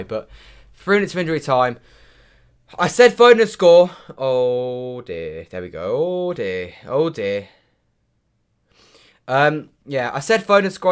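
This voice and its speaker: A young man commentating live on a football match for his stream, muttering between plays and shouting when his team scores. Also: a little high. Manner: excitable, swings from muttering to shouting at goals.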